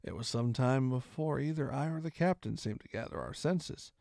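A man reading a classic adventure novel aloud in expressive first-person narration. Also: mid-range voice, normal speed, vocal fry, no room sound, clean studio sound. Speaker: storyteller.

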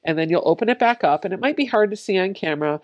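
A woman's voice: medium pitch, animated, fast, lo-fi sound. A woman giving a step-by-step quilting tutorial, explaining each step plainly in a friendly, encouraging way. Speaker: quilting instructor.

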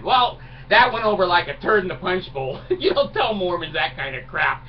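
Middle-aged vlogger, animated mocking rant, recorded far off with faint hiss. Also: male voice, sits high, normal speed. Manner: mocking, indignant, laughs at own jokes. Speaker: video blogger. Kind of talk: ranting monologue. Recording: distant mic, dull lo-fi sound, faint noise.

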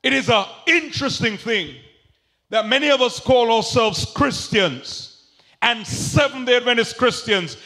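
This sermon comes from a man preaching to his flock in a very high, expressive voice, a little slowly. He calls for responses from the congregation and alternates between soft asides and shouting for emphasis.

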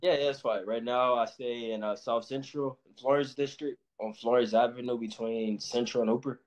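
A man's voice: medium pitch, fairly even intonation, normal speed. A young man from Los Angeles, a pro boxer, chatting casually in an interview in a laid-back, slangy way. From Los Angeles, USA. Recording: muffled lo-fi sound.

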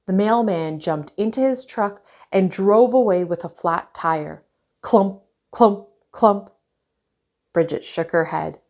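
A woman reading a children's picture book aloud, clear and expressive. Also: lowish voice, a little slow, few pauses. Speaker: storyteller.

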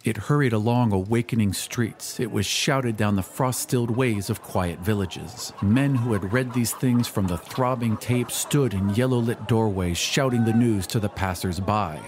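A man giving a measured, dramatic audiobook narration of a classic story. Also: on the low side, a little mellow, a little hiss or hum. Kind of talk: scripted narration. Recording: faint music bed under narration.

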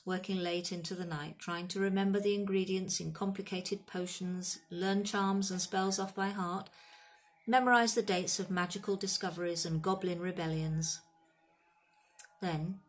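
A woman narrating a children's fantasy book in a steady, expressive reading voice. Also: on the low side. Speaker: audiobook reader. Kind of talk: storybook narration.

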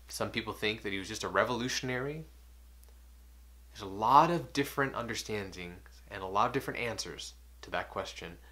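A man hosting a daily devotional, teaching earnestly and repeating key questions for emphasis, slowing and softening on key points. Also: fairly low pitch.

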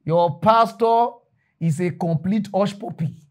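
A man with a Nigerian accent telling a comic story in Pidgin, jumping between loud bursts and hushed asides. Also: high voice, takes it slowly. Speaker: comedian storyteller.

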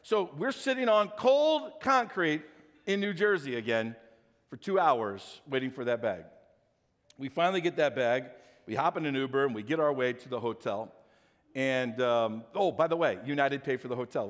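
A man's voice: medium pitch, moderate pace, long reverb tail. A middle-aged man, a pastor, telling a joking personal story in his sermon and talking straight to the congregation. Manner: animated, jokey, talks straight to the congregation. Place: church sanctuary.

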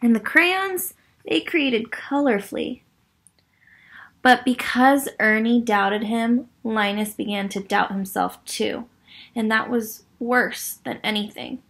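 Lady reading a picture book to kids real slow, asks them stuff, creaky husky voice. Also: a little high. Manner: gentle, asks listening children questions. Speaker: children's story reader. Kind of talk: read-aloud storytime for children.

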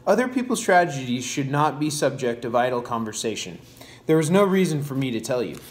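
A man reading aloud, voicing a quiet, withdrawn preacher father in a soft, subdued way. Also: medium pitch, very animated, fairly quick, close to an everyday voice.

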